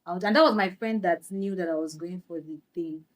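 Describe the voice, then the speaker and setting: A woman's voice: on the low side, fairly quick. Chatty Nigerian woman telling her story. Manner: lively storytelling with Pidgin phrases and laughter. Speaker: guest actress. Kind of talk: podcast interview.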